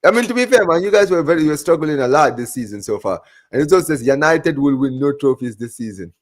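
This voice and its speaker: A man's voice: a little high, expressive, fast talker. A man hosting a live football watch-along, reading out viewer comments and joking with his co-hosts in a casual way. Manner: reads out viewer comments, banters with co-hosts, says "man" and "bro" a lot. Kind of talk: casual live-stream chat.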